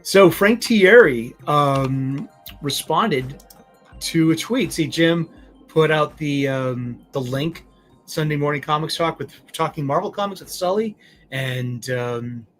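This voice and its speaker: A man's voice: a little high, a bit bright, faint music behind. Rambling man hosting a casual livestream. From Boston area. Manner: rambling, halting, many fillers and restarts. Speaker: comics review livestream host.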